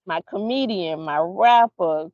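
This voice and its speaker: A woman co-hosting a podcast in casual chat, blunt and profane, telling stories with animated energy. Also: fairly low pitch, a little slow, no room sound. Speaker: podcast co-host. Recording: dull, dry lo-fi sound.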